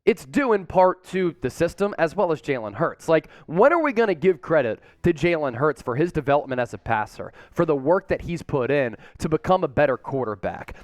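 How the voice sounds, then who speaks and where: A man hosting a sports news show, giving energetic, emphatic fan commentary. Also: on the high side, no room sound, studio quality. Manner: emphatic, hyped-up fan delivery.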